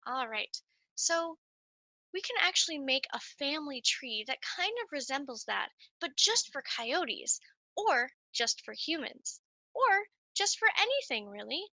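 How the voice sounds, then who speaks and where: A woman giving a lively, sing-song nature lesson to young children while playing a coyote mascot. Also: high-pitched, unhurried, no echo. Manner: animated, sing-song, speaks straight to children.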